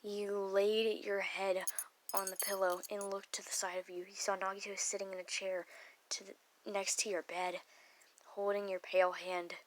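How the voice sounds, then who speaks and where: A woman's voice: mid-range voice, flat delivery, moderate pace, rough recording. A woman reading a fanfic aloud, stumbling over words and dropping offhand side comments.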